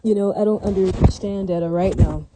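A woman's voice: medium pitch, moderate pace, background noise. A woman delivering a rambling, ranting monologue to camera, often breaking off to ask whether what she says makes sense. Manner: ranting, repetitive, asks "does that make sense?".

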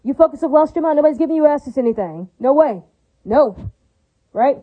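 A woman's voice: sits high, lively intonation, a little fast. A woman delivering a rambling religious rant. She talks in a repetitive, profane and preachy way. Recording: tinny phone-like audio.

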